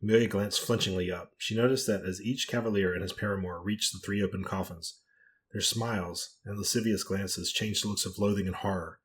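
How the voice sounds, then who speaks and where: A man with a fairly low voice reads a spooky tale aloud as a podcast host. His narration is measured and quiet between the characters' lines. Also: steady tone, a little hiss or hum. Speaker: podcast co-host reading a story. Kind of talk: storytelling reading.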